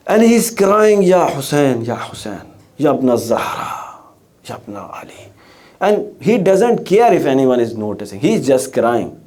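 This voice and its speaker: A man's voice: on the high side, dark tone. A middle-aged man giving a sermon in a gathering hall, telling stories with rhetorical questions and frequent restarts. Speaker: religious speaker. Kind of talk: sermon storytelling.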